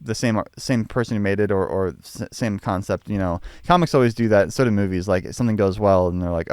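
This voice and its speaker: A man's voice: on the low side, fairly quick, creaky, few pauses, a little mellow, dry recording, studio quality. A man co-hosting a podcast, chatting casually with a hesitant, joking manner and many restarts. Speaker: podcast co-host.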